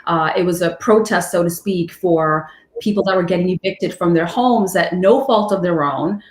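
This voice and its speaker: A woman TV reporter telling stories in a casual interview, lively and animated, jumping up high in pitch when she acts out what people said. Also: normal speed. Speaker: TV news reporter, guest. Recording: echoey room.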